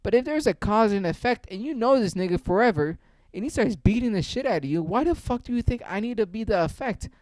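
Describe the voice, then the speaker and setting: A man's voice: high voice, lively intonation, quick pace, darkish tone, no echo. A young man giving ranting commentary, profane and heated, firing off rhetorical questions. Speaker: online commentator.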